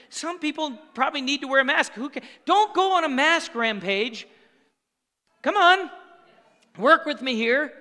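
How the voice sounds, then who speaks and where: A man with a high, bright, ringing voice preaching a sermon. He talks to the congregation conversationally and throws in call-and-response asides. The sound carries a long hall reverb from the church sanctuary. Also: lively intonation, normal speed. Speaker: pastor.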